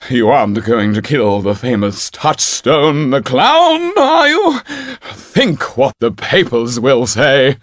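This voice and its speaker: A man's voice: medium pitch, big pitch swings, slow, no room sound, studio quality, voice pushed up. A man voicing a pompous theatrical male stage actor who begs in grand, old-fashioned stage diction, in an audiobook. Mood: pleading theatrically. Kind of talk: audiobook character voice.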